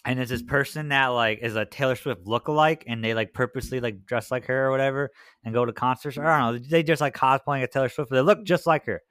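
Smooth-voiced young man in laid-back chat. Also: mid-range voice, fairly even intonation, quick pace, fairly bright tone, dry recording. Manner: laid-back, storytelling, heavy use of "like". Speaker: podcast co-host. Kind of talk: casual chat. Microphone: studio mic, dry booth.

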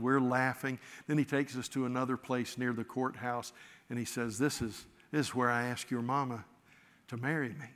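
Man, preacher, folksy storyteller, bright edge, echoing sanctuary. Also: mid-range voice. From Florida, US. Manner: folksy storytelling, self-correcting asides. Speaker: pastor. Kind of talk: sermon. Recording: long reverb of a large hall.

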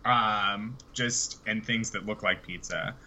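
Bright-voiced easygoing male host. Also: fairly low pitch, fairly even intonation, takes it slowly. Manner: easygoing, hesitant with fillers. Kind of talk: casual chat. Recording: faint background noise.

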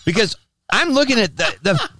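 A man's voice: sits high, normal speed, no echo, studio quality. A man co-hosting a radio show, telling stories in casual banter and acting out his pets. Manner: animated storytelling, acts out his pets. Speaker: radio co-host.

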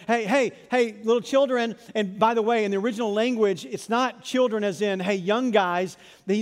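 High-voiced man preaching in a reverberant hall. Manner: animated storytelling, acts out biblical dialogue with repeated phrases. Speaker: pastor. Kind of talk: sermon.

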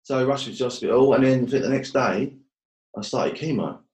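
A man's voice: mid-range voice, brisk, a little mellow, reverberant. A man telling his story as a guest, blunt and swearing often, joking about hard times. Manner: blunt, swears a lot, jokes about hardship. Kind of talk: casual storytelling.

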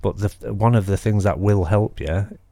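A young man trades blunt, sweary teasing with his mates on a podcast. His voice sits low, with a gravelly edge. The sound is close and dry. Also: moderate pace, warm tone, no room sound. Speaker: podcast co-host. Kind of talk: casual banter among friends.

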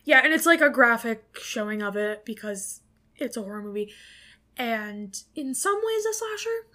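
A woman's voice: on the high side, lively intonation, moderate pace, sharp tone. Rambling, swearing woman podcast co-host. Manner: rambling, filler-heavy, swears freely. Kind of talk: casual movie recap chat.

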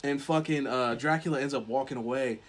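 A man's voice: medium pitch, a little fast. A young man co-hosting a podcast, retelling a film in a rambling, casual way, swearing often and filling with "like". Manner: rambling, swears a lot, heavy use of "like". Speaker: podcast co-host. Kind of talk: casual chat.

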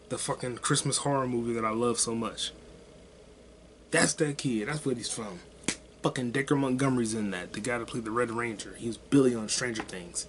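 A man's voice: mid-range voice, steady tone, moderate pace, a little hiss or hum. A man hosting his own podcast alone, rambling casually with lots of swearing and offhand self-deprecating jokes. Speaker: podcast host. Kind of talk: casual solo podcast rant.

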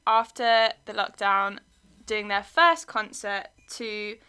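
A woman's voice: a little high, pushed and bright, smooth. A woman co-hosting a podcast in casual chat, telling stories with amusement. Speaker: podcast co-host.

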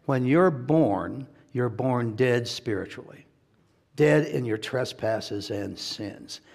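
Gravelly husky male pastor preaching. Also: mid-range voice. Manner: conversational and joking, laughs often. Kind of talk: sermon.

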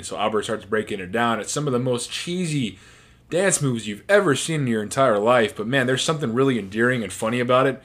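A man's voice: medium pitch, fairly quick, a bit bright. A man in a casual commentary, talking about his favorite film scenes in a rambling, chatty way with restarts. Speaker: movie reviewer.

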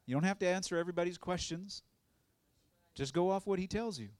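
This evangelist's voice sits high and moves fairly quickly as he gives his testimony in sermon form, with no room sound. He acts out the voices of others and laughs often, keeping the storytelling animated.

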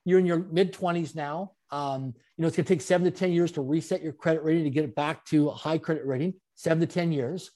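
A man, an interview guest and speaker, telling his story in an animated way with frequent chuckles. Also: a little high, quick pace, few pauses. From Canada.

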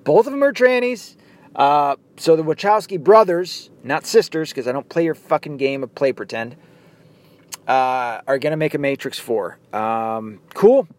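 A man's voice: medium pitch, measured pace, no room sound. A man hosting his own podcast, ranting angrily and profanely, firing off rhetorical questions. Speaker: podcast host. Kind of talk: angry political rant.

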